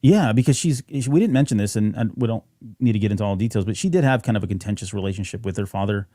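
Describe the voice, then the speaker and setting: A podcast co-host with a low, mellow voice chats casually on a fan podcast, talking rapid-fire and rambling with many fillers and restarts. The sound is studio quality with no room sound.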